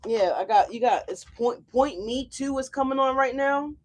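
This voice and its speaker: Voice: high-pitched, moderate pace, a little hiss or hum. A tarot reader hosting a casual live reading, talking straight to viewers in an effusive, slangy, exclamatory way, with frequent swearing. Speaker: tarot reader, channel host.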